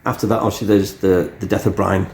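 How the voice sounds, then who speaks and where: A male interviewer prompts his guest with conversational questions. His voice is lowish and darkish. The room adds a noticeable echo. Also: level tone, fast, creaky, darkish tone. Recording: echoey room.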